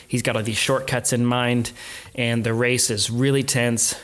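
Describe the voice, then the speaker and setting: An adult man tells a story in an easy conversational way. He animates the retelling with quoted voices and short laughs. His voice sits at an ordinary middle pitch. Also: little pitch movement, unhurried, fairly bright tone. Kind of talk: casual storytelling chat.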